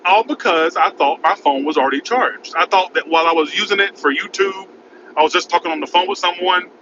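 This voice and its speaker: A man telling a rambling, frantic story in a casual vlog, recorded in his car by a highway. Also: brisk. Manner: rambling, frantic, repeats "oh my God". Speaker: vlogger. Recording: muffled with road noise.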